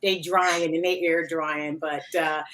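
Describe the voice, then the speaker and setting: A woman's voice: sits low, level tone, slow, over a noisy crowd, low-quality recording. A woman hosting a podcast, chatting playfully and laughing often into a headset mic. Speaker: podcast host. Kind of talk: casual chat. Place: studio under lights.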